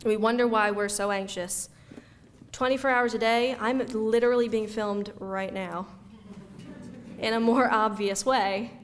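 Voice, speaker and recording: A woman giving an energetic, conversational talk to an audience, acting out everyday reactions as she goes. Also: a little high, measured pace, a little hiss or hum. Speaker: speaker giving a talk on youth mental health. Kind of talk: lively lecture to an audience. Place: event room before an audience.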